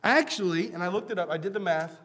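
A man's voice: high-pitched, quick pace, a bit bright. A man in his thirties giving a conversational sermon, joking and chatty as he mixes anecdotes with scripture readings. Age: 30s. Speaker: preacher.

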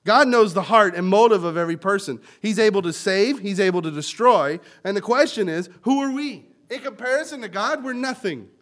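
Man, high voice, pastor, sermon, emphatic, quotes scripture. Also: brisk, few pauses. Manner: lively preaching with emphatic swings in loudness; teaching word meanings and quoting scripture.

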